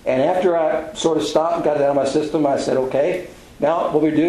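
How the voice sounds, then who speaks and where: A man's voice: fairly high pitch, steady tone, brisk, hardly any pauses, warm tone, roomy sound, low-quality recording. An older man teaching a Bible class, telling self-deprecating stories in a folksy, conversational sermon.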